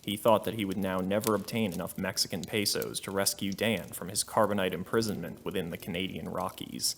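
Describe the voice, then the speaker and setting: Low-voiced guy reading silly fanfic totally deadpan, faint hiss behind. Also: fairly quick, gravelly. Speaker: fanfiction reader. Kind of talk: comedic dramatic reading.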